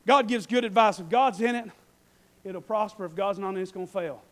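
A male preacher giving a fervent, folksy sermon, repeating phrases and rising into shouts. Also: high voice, brisk. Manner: fervent, repetitive, breaks into shouting; folksy, conversational asides.

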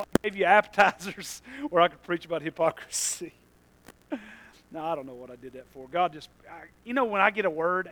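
A man preaching a sermon, moving between quiet asides and loud passages and laughing at his own jokes. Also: high-pitched, a little hiss or hum, poor audio. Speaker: pastor.

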